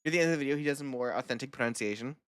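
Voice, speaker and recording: A woman's voice: extremely low pitch, racing, smooth, no echo. A woman streamer chatting casually while reacting to videos, swearing a lot, laughing and repeating words over and over.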